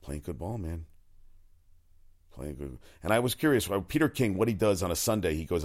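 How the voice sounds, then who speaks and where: Low-voiced male sports ranter, loose and profane, jumps between stories. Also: a little fast, darkish tone. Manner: rambling, profane, opinionated, frequent restarts. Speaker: sports talk commentator. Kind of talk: casual sports commentary monologue.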